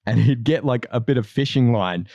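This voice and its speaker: A man's voice: mid-range voice, brisk, gravelly, darkish tone, no echo, dull audio. A man co-hosting a podcast, telling rambling family stories in casual chat, laughing often and restarting his sentences. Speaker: podcast co-host.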